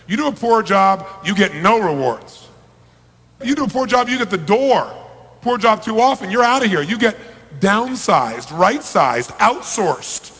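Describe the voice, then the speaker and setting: Male motivational speaker, middle-aged, high voice, emphatic stage delivery, big reverberant hall. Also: animated, unhurried, breathy edge. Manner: emphatic, swings from hushed to shouting. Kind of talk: live seminar talk to an audience. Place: large event hall. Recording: long reverb of a large hall.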